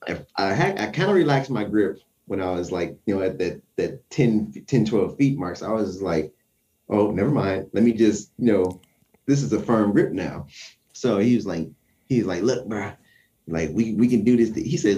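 A man casually telling a tense personal story, acting out his own quotes with lively shifts. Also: lowish voice, fairly quick, far from the mic.

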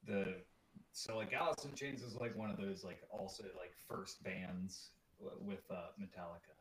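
A man's voice: deep voice, steady tone, moderate pace, slight background noise. Hesitant man on a distant, roomy mic. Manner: hesitant, many restarts and fillers. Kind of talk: casual chat.

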